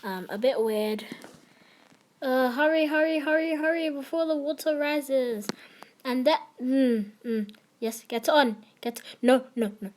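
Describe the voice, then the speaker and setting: Young girl streaming a game, kinda high voice, talks slow, giggles a lot. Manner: chatty, giggly, easily excited. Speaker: gamer streamer. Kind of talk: casual game commentary.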